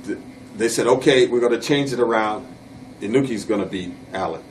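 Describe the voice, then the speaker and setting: A man's voice: mid-range voice, a little fast, far from the mic, slight background noise, rough recording. A man who wrestled professionally, telling road stories in an interview, blunt and plain-spoken with casual dialect grammar. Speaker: interviewee, former pro wrestler. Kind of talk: casual storytelling in a shoot interview.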